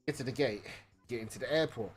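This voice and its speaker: Rambling, animated male streamer. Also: medium pitch, fast talker, soft background music. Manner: rambling, animated, swears, keeps adding "right?". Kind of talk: casual storytelling.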